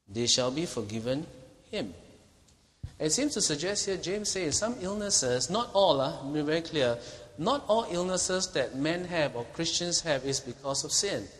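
A man's voice: fairly high pitch, a bit bright. Man preaching in a reverberant hall. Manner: emphatic teaching with frequent "okay?" check-ins. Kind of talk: expository sermon.

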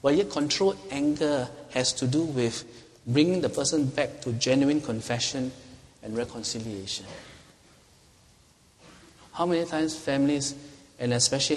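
A man's voice: mid-range voice, expressive, normal speed, pauses often. Preaching man in a reverberant hall. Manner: conversational preaching with rhetorical questions. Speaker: pastor. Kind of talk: sermon.

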